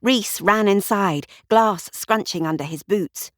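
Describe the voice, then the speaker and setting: A woman narrating a mystery audiobook with expressive storytelling. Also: medium pitch, takes it slowly, no echo, studio quality. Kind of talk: scripted narration.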